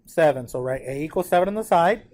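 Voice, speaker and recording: A man's voice: on the high side, animated, quick pace, a little mellow. Upbeat man teaching a math lesson. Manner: checks in often with the class, counts numbers aloud. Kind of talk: classroom lesson, working through a graph.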